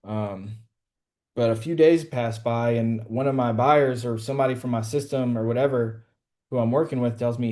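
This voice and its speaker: A man's voice: medium pitch, fairly even intonation, normal speed, darkish tone. A man casually telling a story to a group on a call, slangy and profane, full of "bro" and "like". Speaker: real estate wholesaler coaching a group.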